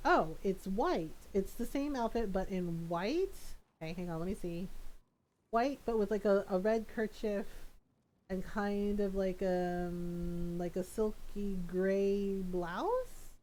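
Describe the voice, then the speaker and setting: A woman's voice: medium pitch, a little mellow. A woman streaming a video game, chatting casually and thinking aloud, laughing often. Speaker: gaming streamer. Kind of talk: casual live-stream chat.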